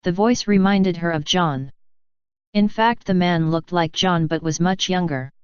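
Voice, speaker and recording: A woman narrating an audiobook in an even, steady reading, on a dull lo-fi recording. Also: fairly low pitch, a little slow, clean tone, no room sound.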